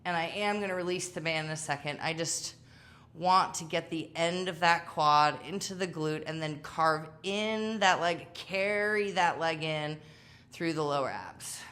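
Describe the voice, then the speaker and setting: A fitness instructor leads a live home workout, chatty and self-deprecating and tired from exercising as she talks. Her voice sits low, fairly bright in tone, at a normal speed.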